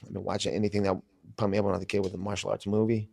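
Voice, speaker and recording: Low, gravelly man telling a story. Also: little pitch movement, very fast, dark tone. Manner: profane, laid-back, mumbly. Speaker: interview guest. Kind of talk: casual storytelling in an interview.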